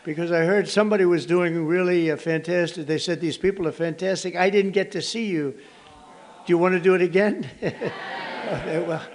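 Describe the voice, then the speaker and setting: A man's voice: sits high, normal speed. An American man in his seventies giving a rambling ceremonial speech at a podium indoors, wandering into teasing asides to guests in the room. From United States. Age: 70s. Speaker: head of state hosting a ceremony. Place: formal indoor reception room.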